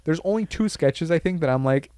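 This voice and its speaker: A man co-hosting a casual comedy podcast, retelling scenes in an animated way with lots of fillers and swearing. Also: a little high, brisk, smooth, no room sound, studio quality. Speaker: podcast co-host. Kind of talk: casual comedy review chat.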